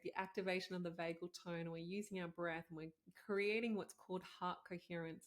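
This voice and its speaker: A woman in her thirties with a slightly low voice, hosting her own show. She tells a personal story in a heartfelt, conversational way, full of "like" and "you know.". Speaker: podcast host, integrative doctor.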